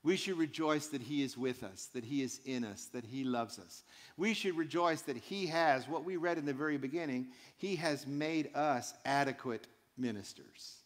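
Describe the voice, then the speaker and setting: A man's voice: mid-range voice, normal speed. Emphatic preaching man, big hall reverb. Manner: emphatic preaching in short repeated phrases. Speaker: pastor. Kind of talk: sermon. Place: church sanctuary.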